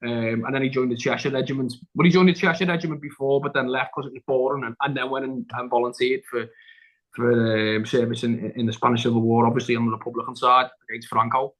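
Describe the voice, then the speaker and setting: A man's voice: medium pitch, fairly even intonation, fast, fairly bright tone, rough recording. A man, a guest actor on a podcast, telling a long story in casual chat, rambling and restarting, acting out what people said. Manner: rambling, with many restarts and acted-out quotes.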